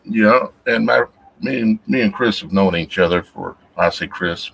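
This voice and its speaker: This man hosts a casual call-in panel and keeps his replies short and supportive. His voice sits very low, with a gravelly fry running through it. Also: normal speed, fairly bright tone, poor audio. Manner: supportive, brief affirmations. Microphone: video call.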